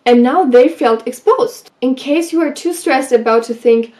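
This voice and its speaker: A woman vlogger giving advice in a casual, animated way, telling stories from her school days and acting out what people said. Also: sits high, normal speed. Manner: animated, acts out quoted lines. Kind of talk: casual storytelling advice vlog.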